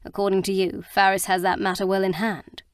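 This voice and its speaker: A woman reading the part of a blunt, teasing young husband in an audiobook, in a gruff, frank manner and dry sound. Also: mid-range voice, level tone, a little fast, no room sound, natural voice.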